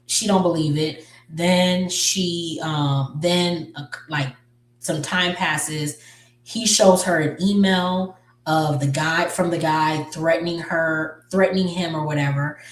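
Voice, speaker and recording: Deep-voiced woman, casual rambling storyteller, distant roomy recording. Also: fairly even intonation, slow pace. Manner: rambling, with many fillers and self-corrections. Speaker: movie recap storyteller.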